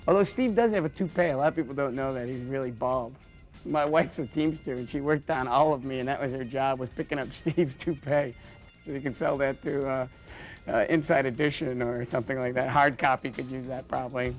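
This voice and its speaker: A man who is a stand-up comedian, rambling through deadpan jokes with lots of stammers and restarts. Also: medium pitch, fairly quick, soft background music. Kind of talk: joking interview monologue.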